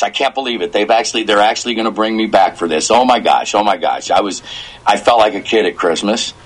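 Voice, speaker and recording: Voice actor guy, 50s, really low voice, chatty and emotional, acts out what he said back then. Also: husky, rough recording. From United States. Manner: emotional, animated storytelling with quoted asides. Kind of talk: casual interview talk.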